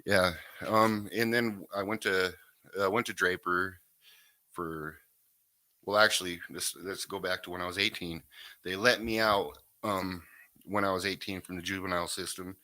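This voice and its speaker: A man, talking low and deep in a laid-back, rambling way. His voice has a bright, forward edge, and the recording is close and dry with no room sound. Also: fairly even intonation, moderate pace, no echo. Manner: laid-back, rambling, lots of "you know what I mean". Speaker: guest sharing recovery story. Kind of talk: casual interview chat.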